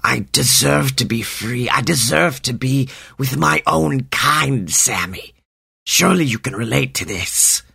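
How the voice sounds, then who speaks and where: A man voicing a bitter, weary captive male snake in a told story, speaking low and mournfully. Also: drawn-out words, long pauses, fairly bright tone.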